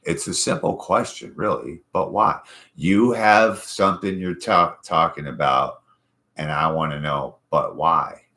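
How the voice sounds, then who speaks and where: A man with an exceptionally deep, low voice chats casually as a show host. He rambles from story to story, swearing freely and easily. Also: measured pace, pushed and bright. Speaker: podcast host. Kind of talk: casual chat.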